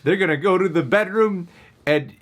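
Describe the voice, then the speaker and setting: A man's voice: moderate pace, fairly bright tone. A man co-hosting a reaction show, chatting casually and joking around. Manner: joking, rambling, goes into squeaky put-on voices. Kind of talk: casual comedic reaction chat.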